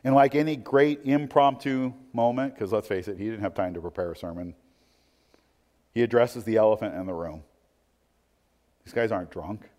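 Guy preaching a sermon, goes from quiet musing to loud and emphatic, lots of rhetorical questions, big echoey hall. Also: fairly low pitch. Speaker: pastor. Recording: long hall reverb.

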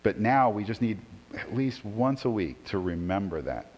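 A man preaching a sermon as pastor, animated, often asking "right?" to the congregation. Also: on the low side, moderate pace. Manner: animated preaching, rising emphasis and repeated rhetorical "right?". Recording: long hall reverb.

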